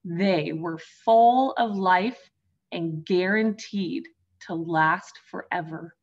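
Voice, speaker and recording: Slow, gentle woman reading a storybook. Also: on the low side, muffled recording. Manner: gentle, addresses listeners as friends. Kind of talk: storybook read-aloud for children.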